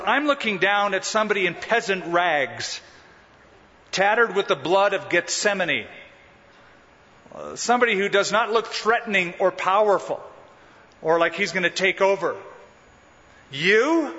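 A man's voice: high voice, animated, moderate pace, bright, forceful tone. A pastor preaching an expository sermon with emphatic, dramatic rises and drops in his voice. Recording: dull sound in a large reverberant hall.

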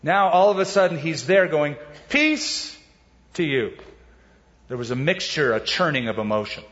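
A man preaching a sermon with a slightly higher voice, animated and acting out the voices he quotes. The recording is dull and lo-fi. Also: normal speed, big-room sound. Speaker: pastor.

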